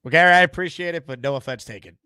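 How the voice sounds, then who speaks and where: A man's voice: on the high side, racing, pushed and bright, clear, resonant tone, no echo. A man hosting a call-in sports show, playful and teasing with callers. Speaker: host.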